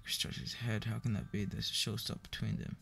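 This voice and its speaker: A man reading a joke book aloud in a flat, weary way, with profane asides. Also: fairly low pitch, brisk. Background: clear background music.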